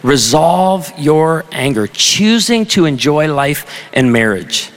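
A middle-aged man preaching in a big auditorium, his slightly high voice carrying long reverb off the hall. He speaks like a storyteller, conversational and wry, with jokes woven into the sermon. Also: big pitch swings, slow. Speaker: pastor. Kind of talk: sermon with humorous anecdotes. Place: large university auditorium.

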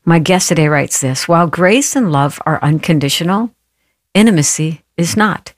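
A woman's voice: deep voice, expressive, normal speed, no echo, studio quality. A woman hosting a faith talk show, telling a personal story in an earnest, heartfelt way and speaking directly to listeners to encourage them. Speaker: radio show host.

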